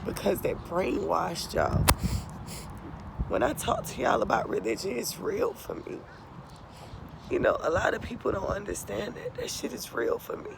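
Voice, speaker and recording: Gravelly, tearful woman testifying to viewers. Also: medium pitch, huge pitch swings, moderate pace, noisy background. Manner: impassioned, profane, repeatedly addresses viewers as y'all. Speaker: vlogger.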